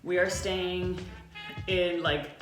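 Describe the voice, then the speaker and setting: A woman's voice: fairly low pitch, level tone, slow pace, a bit bright, roomy sound, faint music behind. A Canadian woman co-hosting a casual live-stream chat, talking in a chatty way with many fillers. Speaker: co-host.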